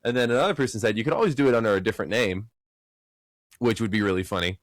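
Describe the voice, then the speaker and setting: A man's voice: fairly low pitch, racing, dry recording. A man co-hosting a podcast in casual chat, telling stories with animation and acting out other people's lines in a raised voice. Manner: animated storyteller, acts out quotes in raised voices. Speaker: podcast co-host.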